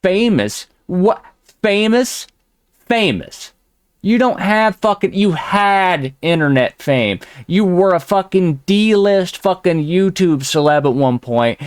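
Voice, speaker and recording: A man's voice: a little high, clean tone, no room sound. A man hosting a reaction show, mocking and ranting at the person in the clips with heavy swearing. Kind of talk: profane reaction commentary.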